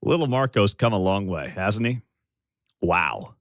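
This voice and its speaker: A man's voice: on the low side, sing-song, a little slow, no echo. A man hosting a radio talk show, giving opinionated commentary in a sarcastic, incredulous manner from a studio microphone.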